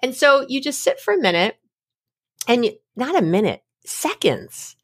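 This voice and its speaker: Animated woman telling everyday stories. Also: a little high, normal speed, slightly rough. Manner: animated storytelling with laughs and acted-out quotes. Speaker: guest expert on mindfulness. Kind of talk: casual conversational explanation.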